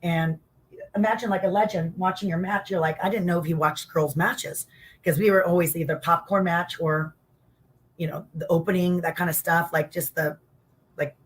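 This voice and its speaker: A middle-aged woman chats through a casual interview, a former wrestler spinning stories with lively acted-out quotes. Her voice sits a bit low for a woman, and she swears casually as she talks. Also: slightly rough. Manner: animated storyteller who acts out quotes, swears casually.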